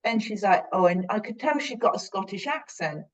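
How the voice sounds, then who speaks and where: A woman's voice: medium pitch, expressive, moderate pace. A British woman on a podcast, reflectively telling a personal story in a rambling, earnest way that often corrects itself. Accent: British English. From Britain.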